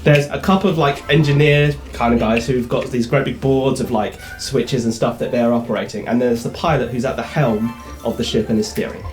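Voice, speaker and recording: A man narrating a tabletop game as game master, often laughing and quickly voicing side characters. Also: medium pitch, steady tone, a little mellow, soft background music.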